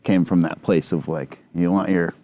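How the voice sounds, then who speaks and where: A man's voice: low voice, fairly even intonation, normal speed, dark tone. A man joining a podcast chat, laid-back and dry, swearing casually.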